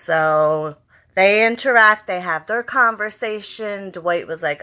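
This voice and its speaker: A woman giving a casual, rambling episode review in a vlog, talking excitedly and swearing freely. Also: mid-range voice, takes it slowly. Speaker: TV show reviewer.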